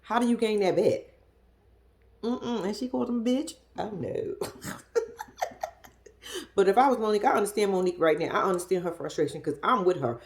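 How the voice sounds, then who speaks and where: A woman's voice: medium pitch, fast. Blunt, profane woman recapping TV. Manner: blunt, profane, animated storytelling. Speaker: reality show commentator. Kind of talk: casual recap commentary.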